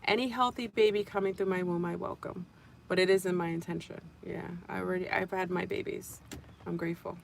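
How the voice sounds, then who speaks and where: A woman's voice: lowish voice, fairly even intonation, a little fast, vocal fry, slight background noise. A woman hosting a casual livestream, telling a spiritual story in a rambling way and repeating and restarting her phrases.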